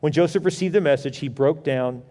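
A man preaching with a fairly high voice, animated and full of rhetorical questions. He acts out the voices he quotes, and his words ring with the long reverb of a large hall. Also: brisk. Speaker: pastor. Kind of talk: sermon.

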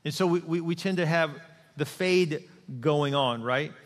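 Male pastor, sermon, conversational and joking, slightly high voice, long echo of a big sanctuary. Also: measured pace. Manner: conversational, humorous, asks the congregation questions. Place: church sanctuary.

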